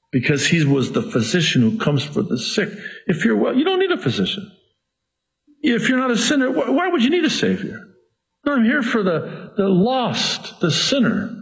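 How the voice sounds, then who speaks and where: Male pastor, sermon delivery, high voice, deliberate unhurried pace, bursts of shouting. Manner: preaching with sudden shouts and slow drawn-out emphasis.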